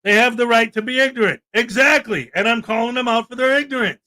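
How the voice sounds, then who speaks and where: A man's voice: very high voice, quick pace, sharp tone. A man hosting a livestream, delivering sarcastic, indignant commentary and firing back at chat comments. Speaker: livestream host.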